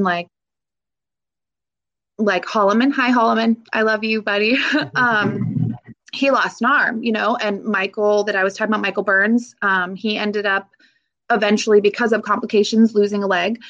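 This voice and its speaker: A woman veteran speaks in an interview, her voice catching with emotion as she pauses, restarts and laughs nervously. Her pitch sits in an ordinary middle range, and the recording has a slightly dull, lo-fi quality. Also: a bit bright. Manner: halting, emotional, with frequent fillers and nervous laughs. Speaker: military veteran guest.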